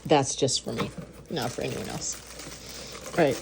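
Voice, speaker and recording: A woman's voice: very deep voice, moderate pace, vocal fry, background noise. A woman food vlogger unboxing and tasting baked goods in her kitchen, gasping and gushing as she goes. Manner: gushing, gasps and moans over food. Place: home kitchen.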